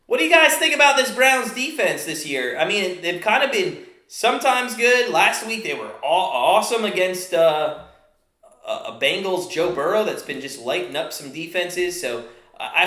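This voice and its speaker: A man's voice: high voice, sing-song, normal speed, sharp tone, reverberant. A young man doing casual live play-by-play for a watchalong stream, chatty, often stumbling over names with fillers and restarts.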